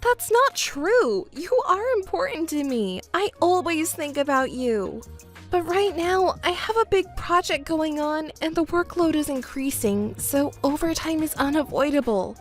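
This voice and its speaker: A woman's voice: high-pitched, expressive, normal speed, faint music behind, pitched above the performer's own voice. A woman voicing a young overworked fiancée who pleads and argues back defensively. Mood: pleading. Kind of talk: texting story voice acting.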